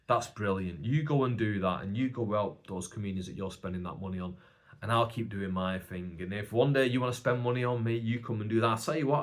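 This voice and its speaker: A young man talking casually on his own podcast, animated and jokey, often putting on raised mocking voices when he quotes other people. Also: on the low side, a little fast. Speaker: podcast host and stand-up comedian. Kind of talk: casual solo podcast monologue.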